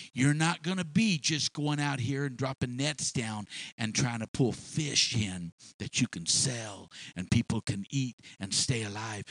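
A preacher voices a calm, gentle teacher, dropping well below his own voice into a soft, slow, reassuring tone. The sound is close and dry. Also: on the low side, husky, no echo, voice pushed down, full character voice, poor audio.

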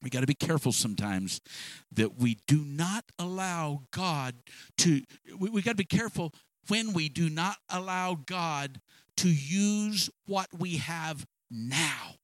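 A man preaching a sermon, reading scripture slowly and swinging between loud, emphatic bursts and soft, low asides. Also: expressive, no echo. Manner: reads scripture slowly with stretched words. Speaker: pastor.

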